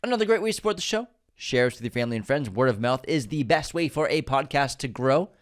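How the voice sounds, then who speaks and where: A man's voice: mid-range voice, fast talker. A man with a nasal voice, co-hosting a podcast, chatting casually and reading out the show's support plugs. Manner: relaxed banter, friendly plug delivery. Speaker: podcast co-host. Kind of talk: casual chat and read-out show promos.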